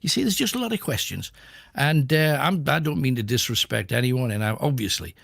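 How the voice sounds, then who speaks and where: A male radio host with a gravelly, husky voice rambles through his opinions. His pitch rises and falls a lot as he throws out questions, and the sound is dry. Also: lively intonation, a little fast, fairly bright tone, dry recording.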